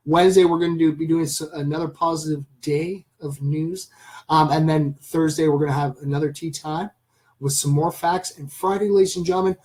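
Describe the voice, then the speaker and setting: Man, channel host, casual live chat, rambling, excitable, slightly higher voice. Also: brisk, low-quality recording. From Canada. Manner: rambling, enthusiastic, addresses viewers as ladies and gentlemen.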